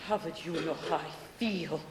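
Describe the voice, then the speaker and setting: A woman's voice: sits low, moderate pace, creaky. Stern, guarded old grandmother, played by a woman on a live stage; curt commands, heard from a distance in a reverberant theater. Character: stern, bitter elderly grandmother, shopkeeper. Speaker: stage actor. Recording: reverberant theater from far off, faint hiss.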